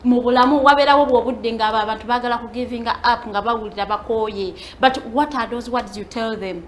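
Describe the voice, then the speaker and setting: A woman's voice: fairly high pitch, steady tone, a little fast, slight background noise. A Ugandan woman chatting as a panelist, reflective and switching between English and Luganda. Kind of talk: casual chat.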